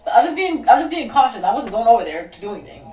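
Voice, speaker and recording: A young woman telling a storytime on her vlog, animated and profane, laughing as she goes. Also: a little high, racing. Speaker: vlogger. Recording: echoey room, distant mic.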